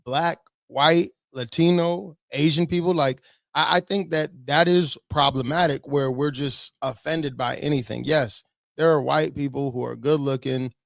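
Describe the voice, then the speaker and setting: A man's voice: on the high side, a little slow, gravelly, no echo, studio quality. A man, a pastor, giving blunt, preachy commentary on videos.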